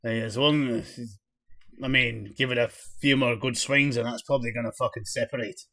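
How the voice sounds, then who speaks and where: A man voicing a gruff, blunt and crude male blacksmith in a tabletop game. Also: mid-range voice, fairly even intonation, moderate pace, bright, forceful tone, voice pushed down.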